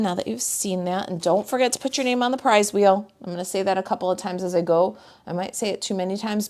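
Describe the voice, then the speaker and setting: A chatty woman from the United States runs a live card-making class from her craft table. She talks warmly and casually at a middle pitch, laughs often, and greets viewers by name as she works.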